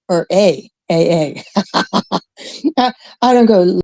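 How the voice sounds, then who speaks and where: A woman's voice: fairly low pitch, normal speed, gravelly, dry recording. A Canadian woman hosting a livestream, ranting bluntly and swearing as she chats with viewers. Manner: blunt, swearing, animated rants. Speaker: livestream host. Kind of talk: casual livestream chat.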